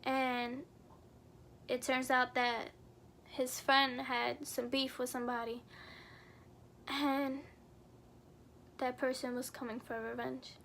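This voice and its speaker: Young adult woman, storytime vlogger; high, level delivery, earnest and somber. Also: level tone, slow, long pauses, fairly bright tone, a little hiss or hum. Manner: earnest, somber retelling with many fillers. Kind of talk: storytime narration.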